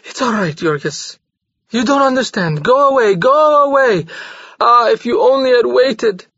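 A man's voice: very high-pitched, animated, a little slow, bright, forceful tone, dry recording, pitched above the performer's own voice, full character voice. A man reading aloud, voicing a haggard, frightened young woman who pleads breathlessly in a strained voice. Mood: pleading. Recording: slightly dull dry recording.

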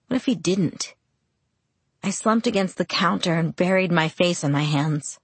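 A woman narrating a first-person audiobook in a steady, reflective way. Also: lowish voice, moderate pace, breathy edge, no echo.

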